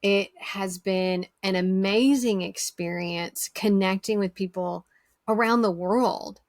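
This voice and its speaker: A woman's voice: medium pitch, slow, no echo. Upbeat lady podcast host, chatty, keeps agreeing, dead dry mic. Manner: enthusiastic, agreeable, repeats herself. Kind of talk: casual interview chat.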